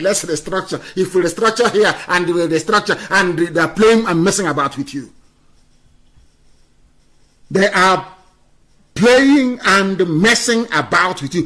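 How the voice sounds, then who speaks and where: A man delivering an impassioned political radio address, scornful and fiery, swinging between loud outbursts and quiet asides. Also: sits high. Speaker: radio broadcaster.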